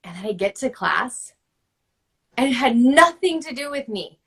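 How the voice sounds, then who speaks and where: A woman's voice: a little high, sing-song, a little slow, creaky, long pauses, a bit bright, slightly rough. A woman in her thirties coaching a guest over a video call, passionate and emphatic, with lots of "like". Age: 30s. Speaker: host, book-writing coach. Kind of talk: spiritual coaching conversation.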